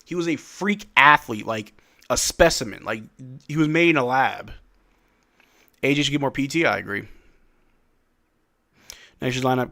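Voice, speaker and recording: This is a man hosting a watch-along stream, his voice mid-range with a fairly bright tone. He yawns and sounds drowsy while casually calling plays, using slang and reading questions from chat.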